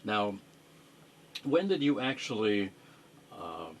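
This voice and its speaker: A man hosting a radio interview, asking halting questions full of fillers. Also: fairly low pitch, very animated, a little hiss or hum. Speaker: radio host.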